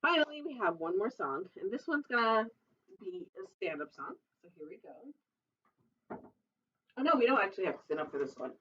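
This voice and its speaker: A woman's voice: mid-range voice, sing-song, brisk, pauses often, fairly bright tone, husky, far from the mic. A children's librarian, a woman, reading a picture book aloud at storytime and chatting playfully with the kids. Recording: dull lo-fi recording.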